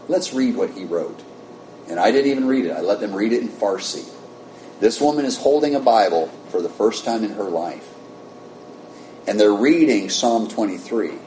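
An American man preaching, telling a story with animated rises and soft, low drops. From United States. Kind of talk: sermon storytelling. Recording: echoey room with faint rumble.

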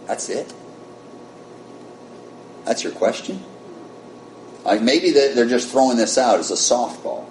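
An American man preaching, telling a story with animated rises and soft, low drops. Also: slow, pauses often. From United States. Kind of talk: sermon storytelling. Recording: echoey room with faint rumble.

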